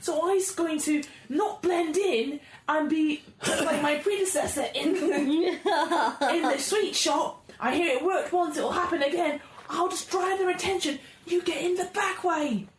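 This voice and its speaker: A woman hosting a tabletop role-playing podcast, narrating her goblin's actions with an animated, giggly manner. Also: very high-pitched, a little slow, roomy sound, slight background noise. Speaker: podcast host and player.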